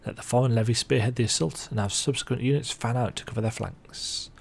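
A man's voice: mid-range voice, fast talker, gravelly, slight background noise, natural voice. A man reading the lines of a stern female pirate admiral in a game, giving clipped orders. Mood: commanding.

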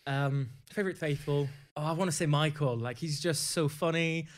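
A man's voice: fairly high pitch, moderate pace. A man hosting a podcast, steering the casual chat with questions. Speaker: podcast host.

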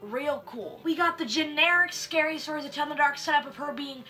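Young woman, high bright voice, sarcastic comedic reviewer, faint music bed. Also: fairly quick. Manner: sarcastic, animated, mock-outraged. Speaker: book reviewer. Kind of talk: comedic commentary.

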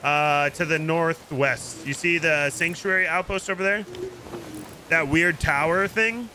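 A man streaming a pirate game, chatting casually and coaching another player with jokey excitement. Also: on the high side, a little slow, slight background noise, rough recording. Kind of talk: casual gameplay chat.

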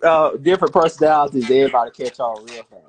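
A man's voice: mid-range voice, fast, poor audio. A man co-hosting a casual chat show, joking and laughing often. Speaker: host.

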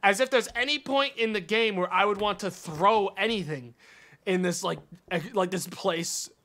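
High, bright-voiced exasperated male streamer. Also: moderate pace. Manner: exasperated, swearing, swings to sudden yells. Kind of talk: live game commentary.

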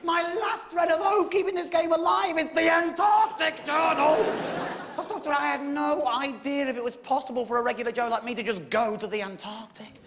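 An English man doing stand-up, telling a story in an exasperated, sweary way that bursts into shouting. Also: extremely high pitch, moderate pace, some chatter behind, a little hiss or hum. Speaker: stand-up comedian. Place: comedy stage before a live audience. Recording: echoey live venue with loud audience. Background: audience laughter.

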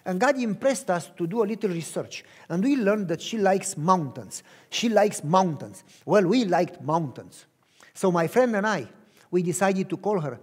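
A male pastor telling a personal testimony in a sermon, speaking earnestly in short, measured phrases. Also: high-pitched, expressive, husky.

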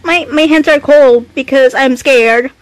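High voiced girl playing a scary game, slow talker, jumpy and swearing a lot, shaky and scared. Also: animated, dry recording, rough recording. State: scared, hands shaking. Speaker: gaming YouTuber. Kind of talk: horror game playthrough commentary.

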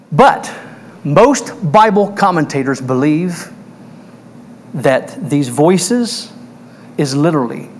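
A man preaching a sermon at a slow, deliberate pace, his voice sitting fairly high for a man. He stresses key words and poses questions to his listeners. A faint hiss of room noise lies behind him. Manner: emphatic, asks the congregation questions. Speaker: pastor. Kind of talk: verse-by-verse sermon. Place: church.

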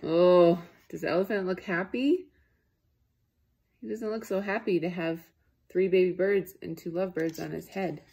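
A teacher reading a picture book to young children, pausing to ask them gentle questions. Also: female voice, fairly low pitch, steady tone, creaky, slightly rough, highs cut off. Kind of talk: children's read-aloud.

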